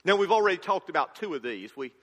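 A man's voice: high voice, very animated, quick pace, fairly bright tone, big-room sound. A male pastor preaching a sermon with enthusiastic, folksy humor.

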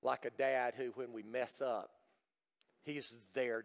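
A middle-aged man preaching a sermon to his congregation, swinging from loud emphatic lines to hushed, almost whispered ones. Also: medium pitch, normal speed, in a large hall. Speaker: pastor. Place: church service.

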